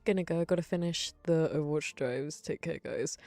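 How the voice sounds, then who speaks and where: A young woman streamer talks in a loose, rambling way, cutting her sentences short and laughing often. Her voice sits a little low, recorded very dry and up close, with faint music playing behind. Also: normal speed, few pauses, darkish tone, dry recording. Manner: chatty, laughs often, trails off mid-sentence. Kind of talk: casual rambling chat on a stream.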